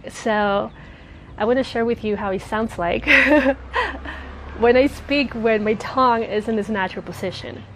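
A woman's voice: fairly high pitch, measured pace, a bit bright, a little hiss or hum. A woman in her thirties, a native Spanish speaker with a slight lisp, talking casually and earnestly to her viewers, rambling a little and laughing often. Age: 30s. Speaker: spiritual vlogger. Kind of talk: casual personal talk. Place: outdoors near a road. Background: passing cars.

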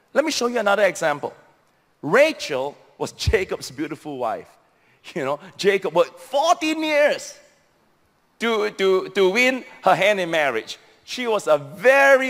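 A man preaching a sermon as pastor, animated, acting out voices from Bible stories and speaking to the congregation. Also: high-pitched. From Singapore. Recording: long hall reverb.

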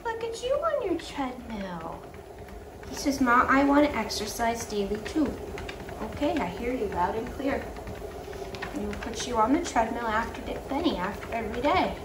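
A young woman vlogger talking fondly to her dogs at home, praising them softly and laughing often as they walk on a treadmill. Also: on the high side, normal speed, echoey room. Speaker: vlogger and dog owner. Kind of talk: casual chat. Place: indoors at home beside a running treadmill. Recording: steady treadmill motor noise behind.

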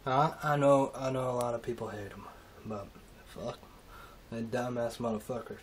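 A man rambling through a halting, emotional monologue in a casual vlog, trailing off and restarting often. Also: mid-range voice, steady tone, a little hiss or hum. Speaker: vlogger.

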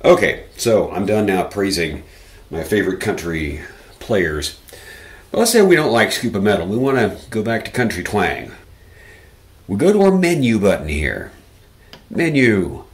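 A man's voice: on the low side, very animated, unhurried, pauses often, echoey room. A man hosting a casual guitar amp tutorial, chatty and self-correcting with dry little asides. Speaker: guitar lesson host.

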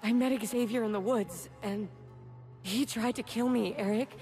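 A woman's voice: fairly high pitch, moderate pace, a little mellow, soft background music, natural voice. An actress playing a shaken young woman who earnestly recounts an attack in a live-action series. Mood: urgent.

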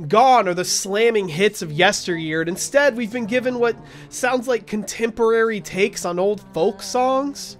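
High-voiced man giving blunt album reviews. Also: fairly bright tone. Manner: wry, blunt verdicts. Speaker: music reviewer. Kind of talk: scripted weekly album reviews.

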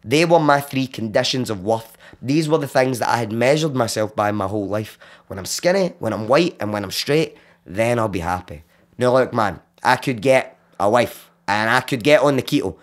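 A Glaswegian man from Scotland, a podcast guest who tells his story in casual chat, animated and swearing freely. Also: medium pitch, moderate pace. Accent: Glaswegian Scottish. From Glasgow, Scotland. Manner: animated, swears freely, acts out quoted voices.

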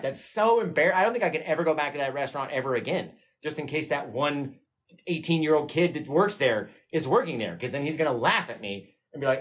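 A man's voice: a little high, very animated, fairly quick. A man hosting a live painting stream, chatting casually with viewers in a rambling, self-mocking way and laughing often. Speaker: livestream painting host.

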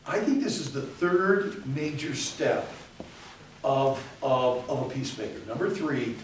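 A man's voice: medium pitch, animated, measured pace, slight background noise. A man giving a classroom lecture on ministry, emphatic and speaking directly to his students. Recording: echoey room, mic far off.

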